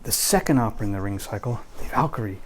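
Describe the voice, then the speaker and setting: A man's voice: fairly low pitch, lively intonation, fast, heavy background noise. A man teaching a music class, retelling an opera cycle playfully with puppets in a loose, jokey way. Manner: jokey, loose storytelling with fillers.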